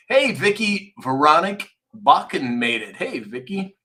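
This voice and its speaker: A man's voice: fairly high pitch, big pitch swings, measured pace, bright, forceful tone. A man hosting a live-stream talk show, rambling casually and reading viewer comments aloud.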